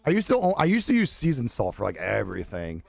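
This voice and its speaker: This young streamer's mid-range voice is gravelly and a little mellow, with wildly swooping pitch and a fairly quick pace. He casually reads and answers viewer comments, laughing a lot and swearing readily. It's a dry, close recording with no room sound and faint music underneath.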